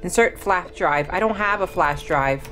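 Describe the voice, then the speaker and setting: A woman hosting a gaming channel, giving excitable play-by-play commentary to herself with sudden shrieks. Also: lowish voice, moderate pace, over music. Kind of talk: live gameplay commentary.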